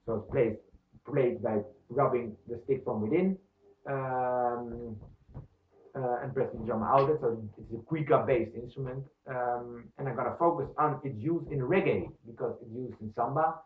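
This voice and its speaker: A man's voice: mid-range voice, normal speed. A man teaching percussion, explaining step by step with many fillers and counting beats aloud. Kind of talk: instructional demonstration. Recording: echoey room, distant mic, thin phone-like sound.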